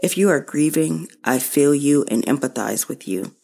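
Low voiced woman podcast host, slow heartfelt talk straight to listeners. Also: animated, vocal fry, mellow. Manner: earnest and heartfelt, speaking directly to listeners. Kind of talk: personal reflective monologue.

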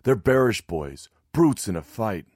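A man's voice: lowish voice, very animated, measured pace, a little mellow, no echo, voice pushed up. A man doing a grim scaled fighter, serious, clipped, a little raised, dry sound. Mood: resolute. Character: tense, guarded grown man with neck scales, resistance fighter.

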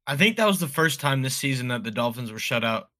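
A man's voice: medium pitch, expressive, fast talker, pushed and bright. A man co-hosting a casual sports podcast, chiming in with short, blunt remarks. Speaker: podcast co-host.

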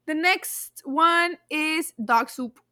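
A woman's voice: high-pitched, very slow, sharp tone, no echo, studio quality. A woman co-hosting a podcast and reading out quiz questions in casual chat, giggly and chatty, often laughing. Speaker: podcast co-host running a quiz.

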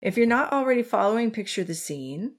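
A woman hosting her podcast over a remote call, gracious and quick to laugh. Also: fairly high pitch, lively intonation. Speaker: podcast host. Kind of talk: casual remote podcast chat.

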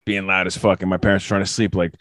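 A man's voice: sits low, little pitch movement, racing, a bit bright. A man co-hosting a podcast, telling rambling, profane stories in casual chat.

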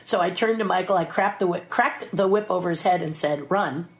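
A middle-aged woman telling an animated story as a guest, jumping into quick voices for the people in it. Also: on the low side. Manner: lively storyteller who puts on voices for the people in her story. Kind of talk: animated anecdote.

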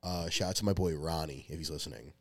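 A man's voice: very deep voice, quick pace, fairly bright tone, no echo. A young man telling a long, rambling, profane story in casual podcast talk. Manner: rambling, profane, restarts often. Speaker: podcast co-host.

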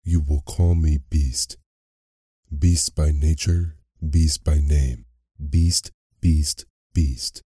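A man's voice: extremely low pitch, steady tone, very slow, mellow, slightly rough, dry recording, clean studio sound, heavily acted. A man voicing a huge, ugly, furious beast who growls and spits out his words in a bedtime story reading. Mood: commanding.

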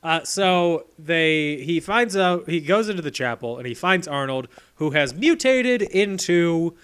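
A man's voice: fairly high pitch, lively intonation, a little slow, a bit bright, smooth. A man co-hosting a podcast, recapping a movie's plot in wry, laid-back casual chat. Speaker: podcast co-host.

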